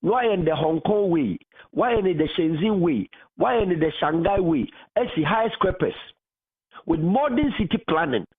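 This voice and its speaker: A Ghanaian man holds forth on a radio talk show, switching easily between Twi and English. His voice sits a little high and sounds husky, and his pitch moves a lot as he presses his argument. The sound is thin and band-limited, like a phone line on air. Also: measured pace. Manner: animated, mixing Twi and English, rising to loud emphasis. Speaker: radio host. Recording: phone-like radio broadcast audio.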